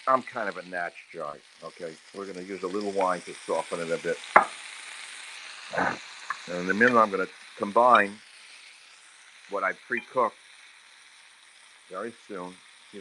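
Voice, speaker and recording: A man's voice: low-pitched, background noise. A man talking casually while cooking on a livestream from his home kitchen. He speaks into a handheld phone and slides into crude, heated rants. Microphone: handheld phone camera. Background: sizzling frying pan.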